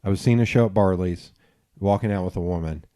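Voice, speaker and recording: A man in his forties hosting a podcast, telling stories in a lively, profane way and acting out the quotes. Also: low voice, a little fast. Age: 40s. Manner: animated, acts out quotes, swears freely. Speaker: podcast host. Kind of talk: casual storytelling chat.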